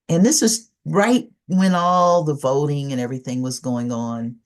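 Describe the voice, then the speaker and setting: In an online session, a middle-aged woman trainer gives a conversational presentation, telling stories with animation and coaxing listeners to join in. Her voice sits low, and she speaks at a moderate pace with few pauses.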